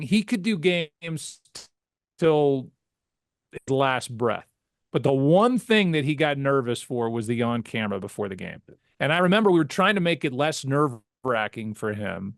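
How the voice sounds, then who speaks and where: A man who works as a sportscaster, telling animated anecdotes as an interview guest, often restarting his sentences. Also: mid-range voice, no echo, clean studio sound. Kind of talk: casual storytelling interview.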